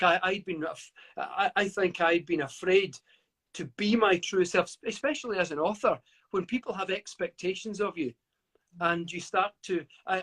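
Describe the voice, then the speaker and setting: A middle-aged man from the UK, appearing as a guest author, gives lengthy reflections over a live video call interview and often trips over his words and restarts. His voice sits high with a fairly bright tone.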